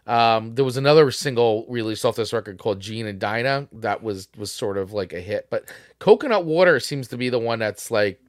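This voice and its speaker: A man's voice: medium pitch, fairly quick, hardly any pauses, dry recording, clean studio sound. A man co-hosting a casual music podcast, talking animatedly with frequent laughs and restarts. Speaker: podcast co-host.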